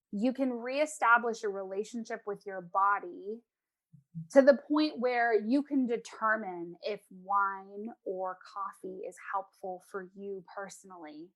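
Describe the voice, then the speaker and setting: A woman, an emotional eating coach, giving advice as a guest in a casual interview and acting out her clients' voices. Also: mid-range voice. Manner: animated, acts out clients' voices.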